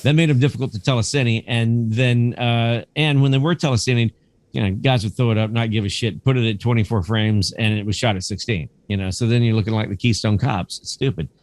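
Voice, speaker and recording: A man's voice: mid-range voice, steady tone, a little fast, no echo. A middle-aged man, a guest curator on a podcast, telling casual stories and acting out the dialogue with some swearing. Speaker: guest, camera museum curator. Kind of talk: conversational storytelling.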